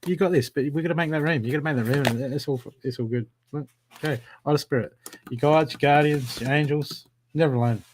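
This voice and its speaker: A man's voice: a little high, fast, slight background noise. Encouraging man giving a live spiritual reading. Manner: animated, encouraging, repetitive. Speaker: psychic reader. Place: home.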